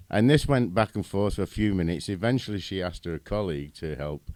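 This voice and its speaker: A middle-aged man with a British accent and a deep, low voice. He talks in a chatty way and tells animated anecdotes. The sound is dry and close, with no room echo. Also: a little fast. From Britain. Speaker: interview guest. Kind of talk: casual interview chat.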